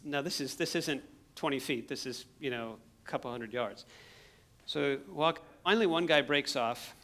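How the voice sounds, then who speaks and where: Male missionary speaker, gravelly, mid-pitched, lively pulpit storyteller in church. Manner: animated storyteller, acts out his own shouting. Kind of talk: sermon storytelling. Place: church sanctuary.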